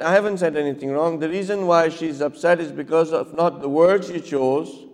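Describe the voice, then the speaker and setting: A man's voice: fairly high pitch, moderate pace. A man teaching a class, asking the listeners questions and acting out short examples. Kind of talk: classroom lecture. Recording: long hall reverb.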